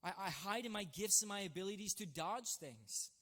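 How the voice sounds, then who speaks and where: Man, church speaker, somewhat high voice, earnest, halting restarts, long hall reverb. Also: expressive, pushed and bright. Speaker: church site leader preaching. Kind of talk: personal testimony sermon. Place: church stage.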